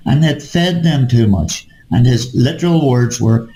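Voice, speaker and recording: A man ranting in casual conversation, swearing freely and tagging "mate" onto his points. His voice is dark and mellow, and his words bounce around a roomy, echoey space. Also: medium pitch, animated, normal speed, hardly any pauses. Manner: ranting, profane, keeps addressing the listener as mate. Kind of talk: casual chat.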